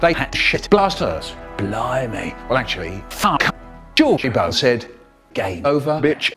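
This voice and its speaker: A man telling a spliced-together comic story in an animated voice that jumps into sudden squeaky highs. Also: measured pace, soft background music.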